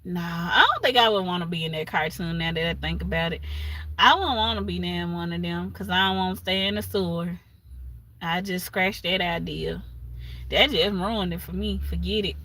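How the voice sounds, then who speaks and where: A woman's voice: lowish voice, moderate pace, sharp tone. A woman, rambling in a casual livestream chat and laughing often.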